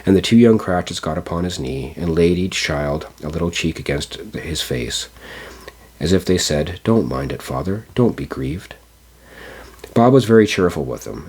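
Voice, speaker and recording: A man narrating a classic storybook aloud, measured, with small stumbles. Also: rumbling low, a little mellow, breathy edge. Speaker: audiobook narrator. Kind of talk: storybook reading.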